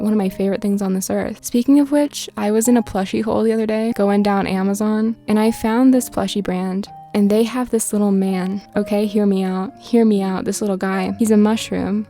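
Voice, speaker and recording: A young woman giving casual gameplay commentary, blunt, profane and rambling, with animated outbursts. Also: mid-range voice, fairly quick, few pauses, faint music behind. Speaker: gaming creator.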